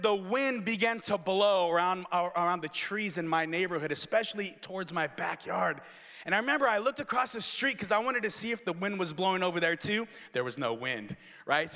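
A man preaching a sermon to a congregation, telling a story with rising excitement and shouting. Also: a little high. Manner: animated, builds to excited shouting. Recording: long hall reverb.

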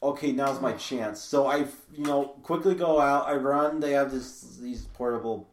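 A man's voice: medium pitch, normal speed, echoey room, distant mic. A man telling a long story in casual chat with friends, rambling with many fillers.

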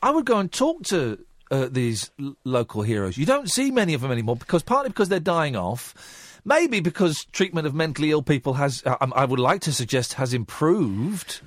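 A man's voice: a little high, very animated, fairly quick, dry recording. A man hosting a late-night radio chat show in a studio, playful and teasing as he rambles along. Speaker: radio host. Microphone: studio microphone.

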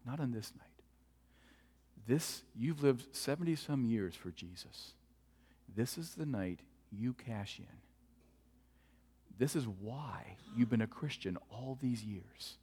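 A man preaching a sermon as pastor, telling stories earnestly and dropping to hushed tones for tender moments. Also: on the low side, slightly rough. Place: church sanctuary. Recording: long church hall reverb.

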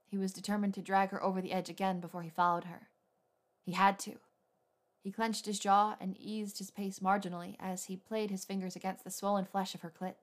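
A woman reader narrating a romance story in a steady, intimate way. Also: mid-range voice, brisk. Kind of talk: scripted fan fiction narration.

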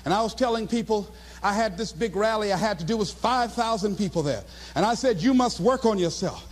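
A man giving a motivational speech in an impassioned, preacher-like way, often raising his voice to a shout. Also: high voice, brisk, in a large hall. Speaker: motivational speaker.

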